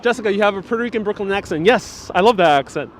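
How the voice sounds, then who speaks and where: A man's voice: high voice, expressive, very fast, slight background noise. A man giving a live walking tour outdoors on a city street, chatting with viewers and reading their comments aloud, on a wireless lapel mic. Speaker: livestream city tour guide. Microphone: wireless lapel mic with phone on gimbal. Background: street ambience.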